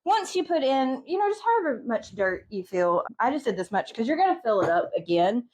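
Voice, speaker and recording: A young woman with a somewhat high voice co-hosting a casual chat. She explains a craft step by step and slips in dry wisecracks as she goes. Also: big pitch swings, fairly quick, a little mellow. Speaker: co-host.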